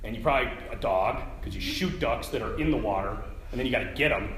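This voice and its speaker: A priest speaking at a retreat relates an animated story, frequently laughing and performing the lines of the people in it. His voice is male and medium in pitch, the pace is quick, and an echoey room adds slight background noise.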